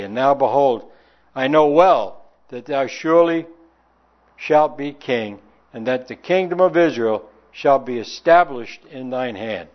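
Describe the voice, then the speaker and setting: A man preaching a sermon, reading scripture aloud and pressing the listeners with rhetorical questions. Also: medium pitch. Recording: dull lo-fi sound.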